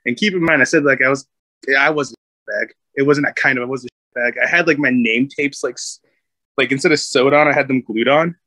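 A man telling stories from his military days in a loose, casual way, rambling and packing his talk with fillers. His voice sits at a middling pitch and is recorded close and dry. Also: brisk, pushed and bright, no room sound. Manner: rambling, full of fillers, laughs often. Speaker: Marine veteran guest. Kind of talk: casual storytelling.

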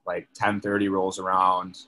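A man's voice: sits low, monotone, normal speed, pushed and bright. A young man, a podcast guest, telling a story in casual chat, leaning on "like" as a filler. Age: young adult. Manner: chatty, filler-heavy, leans on "like".

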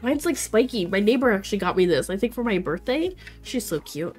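A woman's voice: mid-range voice, animated, brisk, faint music behind. A woman in her twenties chatting casually and bubbly with viewers while streaming a game, laughing often. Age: 20s. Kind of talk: casual livestream chat while playing.

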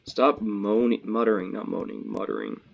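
During casual gameplay with a buddy, a man brags and ribs his friend, his pitch bouncing lively. His voice is creaky at a normal pace, and the audio is dull.

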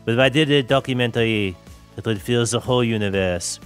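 A man's voice: mid-range voice, a little fast, faint music behind, lightly acted. A man putting on a grandiose French documentary narrator voice with a hammy, mock-solemn French accent.

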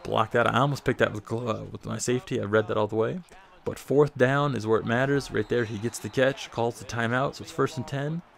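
A man's voice: mid-range voice, steady tone, fairly quick, creaky. A man casually commenting over his football video game, rambling and self-deprecating, a bit out of breath. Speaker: gaming commentator.

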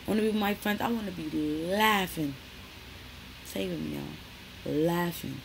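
A young woman talks straight to her viewers in a loose, chatty way, full of "like" and "y'all". Her voice sits a little low, and a faint room hum runs underneath. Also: moderate pace, gravelly, low-quality recording. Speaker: vlogger. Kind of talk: casual chat to camera.

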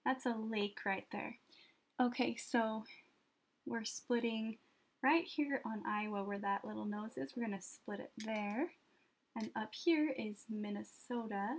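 A woman teaching children an art lesson step by step, patient and gently encouraging, often pausing as she draws. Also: fairly high pitch.

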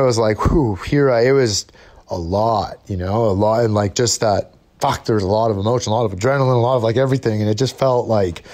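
A man's voice: medium pitch, a little mellow. Laid-back man telling a story. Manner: laid-back, swears freely, trails off mid-sentence. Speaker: podcast guest, highliner. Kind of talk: casual chat.

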